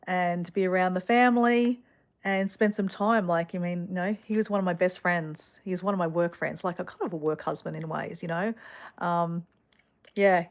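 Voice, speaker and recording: Middle-aged Australian woman, casual vlogger, rambling storyteller, slightly low voice. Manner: chatty, rambling, lots of fillers and asides.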